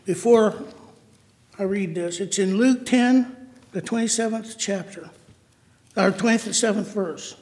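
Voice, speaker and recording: A man preaching a sermon, halting often to restart and correct himself as he reads scripture and talks it through. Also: high-pitched, darkish tone. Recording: long hall reverb.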